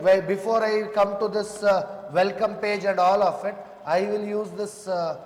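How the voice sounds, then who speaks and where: A male programming instructor teaching a live coding lecture, walking students through code step by step and often checking in with questions. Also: sits high. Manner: addresses students as "sir" and "boss". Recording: echoey room with long reverb.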